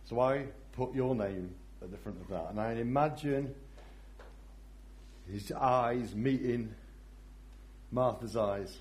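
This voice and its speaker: A male preacher delivers a reflective sermon at an unhurried pace. His pitch sits in a middle range. He often lets phrases sink to a soft, hushed emphasis.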